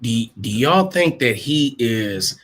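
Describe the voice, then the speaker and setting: A man's voice: medium pitch, lively intonation, takes it slowly, fairly bright tone. A man hosting a casual livestream chat, thinking aloud at his computer and putting probing questions to his guests. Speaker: host. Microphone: desk mic at a computer.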